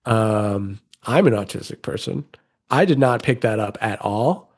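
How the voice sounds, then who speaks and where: A man who is a podcast guest in casual chat, talking in a measured, thoughtful way as he reasons aloud. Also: on the low side, lively intonation.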